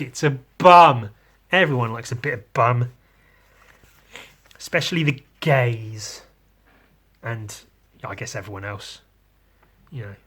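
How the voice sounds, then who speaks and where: A man's voice: mid-range voice, fairly bright tone. Crude joking male podcast host. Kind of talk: casual chat.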